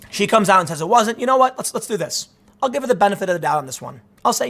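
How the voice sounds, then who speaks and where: A man in his thirties delivers an off-the-cuff commentary monologue in a noticeably high voice. He talks casually and sarcastically, often restarting sentences and wandering into asides. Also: expressive, fast talker, creaky, a bit bright. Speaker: political commentary host.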